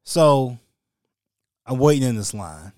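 A male podcast host telling a story solo in a casual, animated, slangy and wry way. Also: mid-range voice, slow, no echo, studio quality.

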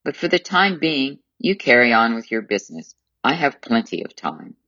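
A man's voice: medium pitch, very animated, normal speed, sharp tone, no room sound, highs cut off. A man reading an audiobook memoir, voicing a composed, insistent woman customer who is polite but commanding. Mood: calmly insistent.

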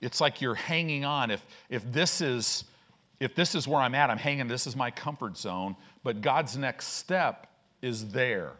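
A man's voice: medium pitch, measured pace, bright, forceful tone. A middle-aged male pastor preaching a sermon, stretching key phrases out and turning often to the congregation with asides.

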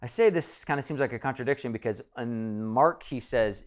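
A pastor with a mid-range voice delivers a sermon briskly, barely pausing. His style is conversational and self-deprecating as he reads scripture and acts out imagined conversations in quoted voices.

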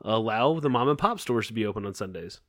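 A man's voice: fairly low pitch, expressive, fast talker, no echo. A young man hosting a casual podcast, ranting with profanity and sarcasm into a close studio mic. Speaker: podcast host.

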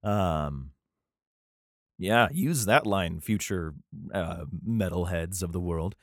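Brief: irreverent male reader, profane asides, animated delivery, dry close sound. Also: deep voice, takes it slowly, no echo. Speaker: reader and commentator. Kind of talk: casual commentary while reading scripture.

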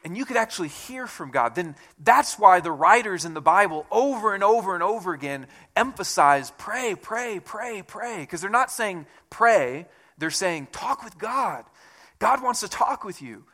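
A man preaching a conversational sermon as a church pastor, with self-deprecating asides and a relaxed, talky delivery. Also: high voice, moderate pace.

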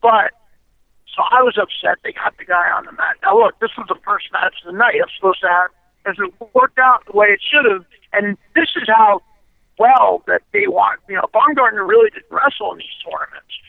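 A man with a high, rough, gravelly voice talks bluntly through an interview, swearing freely and checking in with "you know" and "okay?". The sound is thin and phone-like, with no room around it. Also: expressive, a little fast, dry recording. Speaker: interview guest. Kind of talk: candid storytelling interview. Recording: tinny phone line, dry.

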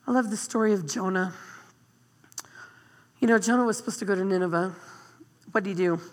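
A woman who is a guest pastor preaching a sermon. She tells stories in an emotional, animated way. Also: mid-range voice, brisk, big-room sound.

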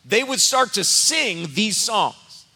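A man's voice: high voice, very animated, takes it slowly, sharp tone, breathy edge. A middle-aged male pastor preaching a sermon, telling a personal story in a humorous, conversational way. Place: church sanctuary. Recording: echoey church sanctuary.

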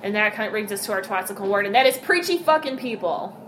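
A woman co-hosting a podcast at a middle pitch, telling stories in an animated, frank way and swearing freely. A steady hiss of noise sits clearly under her voice. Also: fast. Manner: animated storyteller, frank and profane. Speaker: podcast co-host. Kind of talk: casual chat. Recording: noisy background hiss.

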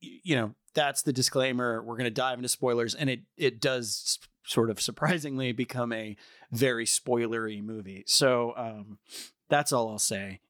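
A man's voice: mid-range voice, moderate pace, fairly bright tone, dry recording, clean studio sound. A man co-hosting a casual film podcast, talking hesitantly with many restarts and self-corrections. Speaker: podcast co-host.

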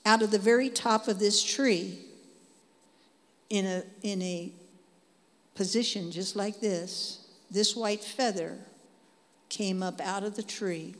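A woman preaching a testimony sermon, telling her story in lively, animated bursts and repeating phrases for emphasis. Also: fairly high pitch. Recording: long hall reverb.

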